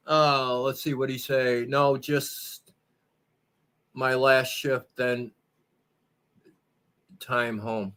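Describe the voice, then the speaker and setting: A man's voice: medium pitch, little pitch movement, very slow, pauses often, bright, forceful tone, smooth. A man live streaming and chatting casually with his viewers, rambling in a crude and profane way.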